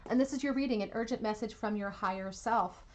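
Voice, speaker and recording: A woman giving a pick-a-card tarot reading at home, soothing and reassuring, with soft laughs. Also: fairly high pitch, a little fast, slight background noise. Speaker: tarot reader.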